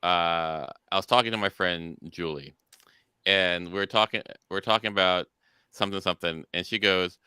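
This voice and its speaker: Podcast co-host, man; very low, sharp and resonant voice, dry mic, halting starts. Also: clean tone, dry recording. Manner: stammers and repeats words when starting. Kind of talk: casual podcast review chat.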